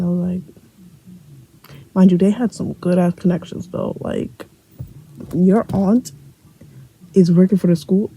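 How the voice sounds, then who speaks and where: A young woman from Brooklyn with a New York accent tells a casual storytime for her vlog, blunt and profane, playing out everyone's lines as she goes. Her voice is dark and gravelly, with a faint hiss of room noise behind her. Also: on the low side, little pitch movement, a little slow, long pauses, low-quality recording. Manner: blunt, profane and joking, acts out the other people's lines. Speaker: vlogger telling a story.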